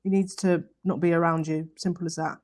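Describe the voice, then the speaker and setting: A woman's voice: on the low side, flat delivery, brisk, a little mellow. Blunt, laughing female comedian co-host. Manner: blunt, laughing, rambling restarts. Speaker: podcast co-host. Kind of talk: casual comedic chat.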